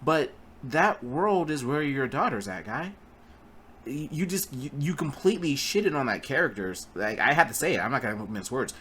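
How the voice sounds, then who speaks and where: A man's voice: medium pitch, lively intonation, moderate pace, a bit bright, slight background noise. A man giving a casual spoken film review, rambling with stumbling restarts and blunt, profane remarks. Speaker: movie reviewer.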